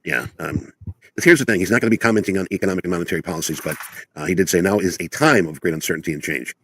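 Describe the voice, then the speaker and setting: A man's voice: sits low, very fast, a bit bright, slight background noise. A man giving a casual rundown of the day's news on a live trading stream, loose and full of fillers.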